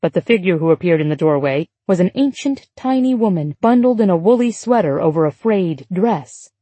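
A woman narrating an audiobook in a steady, measured storytelling voice. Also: fairly low pitch, breathy edge, no room sound. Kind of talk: scripted narration.

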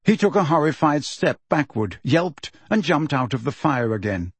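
A man narrating an audiobook with expressive, measured storytelling. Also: on the high side, husky, dry recording.

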